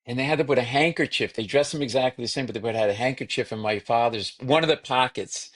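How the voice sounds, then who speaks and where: Comedian guest, male, animated storyteller who does the relatives' voices. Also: medium pitch, fast talker. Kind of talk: storytelling in casual chat.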